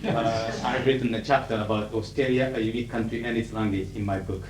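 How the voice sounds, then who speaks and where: A middle-aged Japanese man who works as a conference interpreter gives a humorous, anecdote-filled lecture in Japanese-accented English, speaking fast in a steady, medium-pitched voice with frequent "uh" fillers. The audience sits in an echoey lecture hall, captured on 1980s tape with faint hiss.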